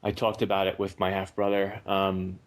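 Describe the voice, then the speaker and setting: A man's voice: low-pitched, completely flat delivery, normal speed. A man in his thirties calling in to a talk show, speaking hesitantly and anxiously with many fillers and restarts. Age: 30s. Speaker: caller. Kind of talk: halting phone conversation.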